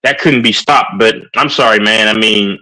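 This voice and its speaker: A man's voice: on the low side, moderate pace, pushed and bright, low-quality recording. A man with a Texan accent, hosting a live stream in hyper, rambling casual chat while on a sugar rush. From Texas. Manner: hyper and rambling, with many fillers.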